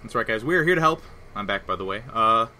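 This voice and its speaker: A man casting a live game as host, chatty and animated with the audience. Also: on the low side, fast talker. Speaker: esports caster.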